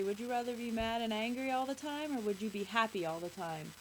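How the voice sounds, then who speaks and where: A woman's voice: on the high side, a little fast, slight background noise, poor audio. A woman hosting a children's show, reading a picture book aloud and chatting with kids, asking them questions.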